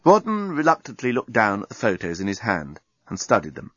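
Lively male storybook narrator. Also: lowish voice, a little fast, breathy edge, dry recording. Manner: lively, expressive reading. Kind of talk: audiobook narration. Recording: dull dry recording.

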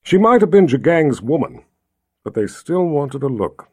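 A male narrator reading a fantasy novel aloud, expressive and engaged. His pitch rises and falls a great deal. The recording is dry and close, with no room sound. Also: normal speed, slightly rough, no echo. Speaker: audiobook narrator. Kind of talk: scripted narration.

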